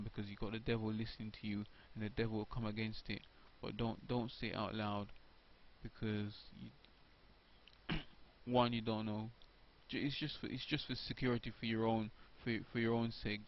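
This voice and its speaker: Halting man with a flat, low voice. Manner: halting, repeats words and restarts often, many ums. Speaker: video blogger. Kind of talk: unscripted religious monologue to camera. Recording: dull lo-fi home recording with faint hiss.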